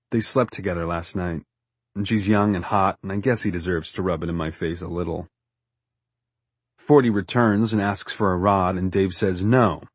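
A man narrates a first-person story in a low, husky voice, with a wry edge to his delivery. The sound is close and dry, without room echo. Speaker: audiobook narrator.

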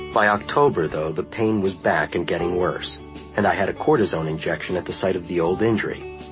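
A man narrating a first-person memoir in a measured, earnest reading style. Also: low voice, rough recording. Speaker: audiobook narrator.

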